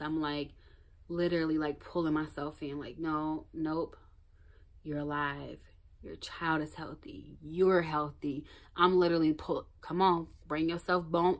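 Woman, low-pitched, casual motivational vlog, blunt, swears a lot, repeats for emphasis, loud bursts and soft asides. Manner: shifts between loud outbursts and hushed, near-whispered asides. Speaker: motivational vlogger. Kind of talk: casual motivational talk to camera.

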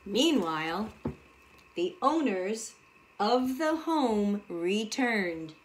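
Preschool teacher reading aloud, woman, lilting and unhurried. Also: medium pitch, a little hiss or hum. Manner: animated, addresses the children directly. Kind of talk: storybook read-aloud for young children.

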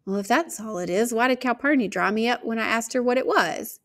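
A woman voicing a feisty young tomboy girl in a storybook reading, indignant and quick to shout. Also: fairly high pitch, voice pushed up. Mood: earnest.

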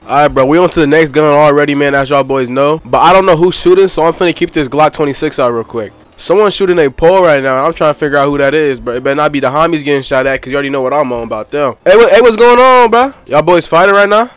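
A young man giving excitable, slang-heavy gameplay commentary while chatting with other players. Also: fairly high pitch. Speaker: gaming YouTuber.

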